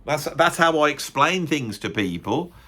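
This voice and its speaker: A man's voice: a little high, big pitch swings, unhurried, fairly bright tone. A middle-aged man with a West Midlands accent, rambling self-deprecatingly to camera as a music-critic YouTuber, full of tag questions. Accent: West Midlands English. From West Midlands, England. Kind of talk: rambling casual monologue to camera.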